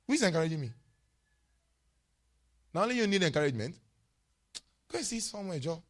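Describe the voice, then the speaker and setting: A male pastor delivers a sermon in a fairly high voice, pressing his points home with emphatic repetition. He keeps turning to his congregation with questions to hold them with him. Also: big pitch swings, normal speed, long pauses.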